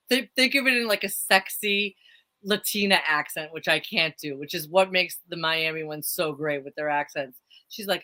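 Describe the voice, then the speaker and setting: Woman co-host, middle-aged, bright voice, animated storyteller. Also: medium pitch, fairly quick. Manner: animated, laughs often, tells stories. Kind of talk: casual live chat.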